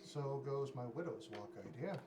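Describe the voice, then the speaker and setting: A man's voice: medium pitch, expressive, moderate pace, over music. A man playing a tabletop game, talking in a playful, bouncy way. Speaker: player. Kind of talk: casual tabletop play. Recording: distant, echoey, noisy mic.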